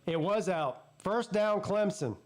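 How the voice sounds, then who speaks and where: Male host with a Southern accent, high voice, live game reaction, excitable play-by-play. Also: slow pace. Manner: excitable play-by-play, jumps up in pitch on big plays. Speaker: sports streamer host. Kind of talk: live watch-party commentary.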